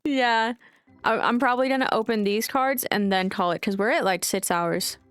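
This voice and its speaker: A woman's voice: a little high, normal speed, a bit bright, clean tone, no echo. A woman from the United States streaming, chatting casually and ranting with freely dropped swears. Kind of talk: casual chat with voice call and chat.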